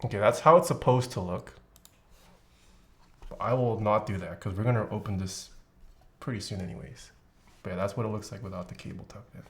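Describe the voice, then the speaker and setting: A woman streamer chatting casually while building a keyboard, exclamatory and quick to laugh. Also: very deep voice. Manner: animated, exclamatory, laughs often. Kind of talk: casual live-stream chat.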